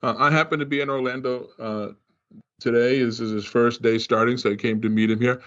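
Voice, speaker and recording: A man's voice: medium pitch, fairly even intonation, a little fast, a bit bright. Chatty Boston man on a dull remote line. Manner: chatty, storytelling. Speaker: podcast co-host, trainer. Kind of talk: casual podcast chat.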